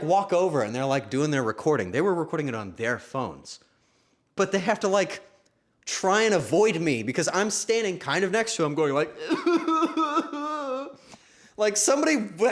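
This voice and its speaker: A young man with a slightly high voice chats casually and emotionally on a stream. He swears often and swings between loud bursts and hushed asides.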